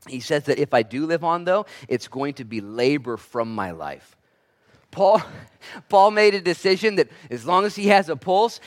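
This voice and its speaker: Preaching as a pastor, this man alternates between forceful outbursts and hushed side remarks, performing the voices of anyone he quotes. His pitch runs fairly high.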